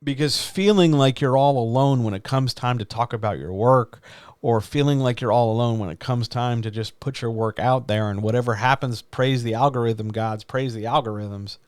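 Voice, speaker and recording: A man's voice: mid-range voice, moderate pace, clean tone, no echo. A man in his forties hosting a live stream, chatting in a conversational, self-deprecating way with lots of rhetorical questions. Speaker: streamer host. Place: small home studio. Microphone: studio microphone. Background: background music.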